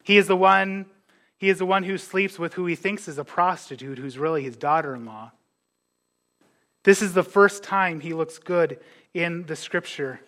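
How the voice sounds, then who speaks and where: A high-pitched man preaching a sermon as pastor. He talks in a lively, conversational way, acts out what the characters say, and drops in casual asides. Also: moderate pace. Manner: animated, acts out biblical characters' words.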